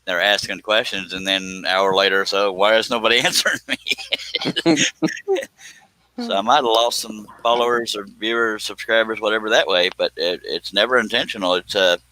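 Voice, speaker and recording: A man's voice: lowish voice, steady tone, normal speed, bright, forceful tone, dry recording, poor audio. A man hosting a casual live stream while he cuts wood on a scroll saw, rambling and laughing at himself. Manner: rambling, self-deprecating, chuckling.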